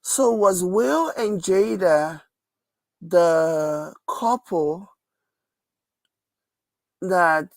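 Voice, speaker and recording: A woman in casual reaction chat who talks in a halting, hesitant way with many restarts. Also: fairly low pitch, no room sound.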